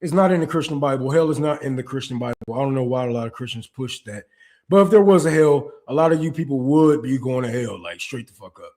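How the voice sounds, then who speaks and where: Here a young man rants in a heated monologue, swearing freely and often stumbling before starting over. He's an animated, fast talker whose voice jumps between loud outbursts and low muttering.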